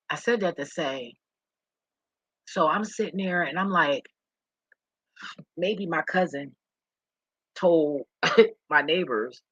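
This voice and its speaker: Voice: medium pitch, bright, forceful tone, slightly rough, dry recording, lo-fi sound. A vlogger talking straight to viewers in a rambling, profane and emotional way. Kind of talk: candid monologue to viewers.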